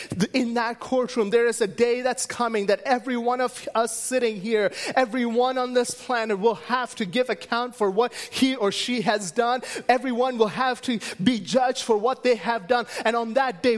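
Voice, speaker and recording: A man preaching a sermon as pastor, driving his points home through repeated, emphatic refrains. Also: very high-pitched.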